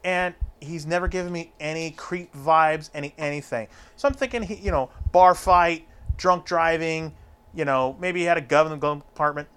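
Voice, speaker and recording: A man's voice: a little high, normal speed, clear, resonant tone. A man telling a long story in a casual chat, rambling and swearing freely as he goes. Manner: profane, rambling, animated storyteller.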